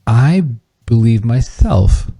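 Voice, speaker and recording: A man's voice: mid-range voice, very animated, slow pace, mellow, breathy edge, faint music behind. A man from Texas, a podcast guest in casual interview chat, speaking in an easygoing way.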